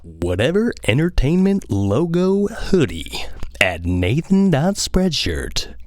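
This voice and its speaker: Brief: podcaster doing a parody radio DJ, slow, drawn-out plug, dry studio mic. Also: male voice, fairly high pitch, wildly swooping pitch, dry recording, voice pushed up, exaggerated voice. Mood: mock-smooth. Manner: slow, drawn-out announcer delivery. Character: mock smooth male radio DJ plugging merch. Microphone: studio microphone with headphones.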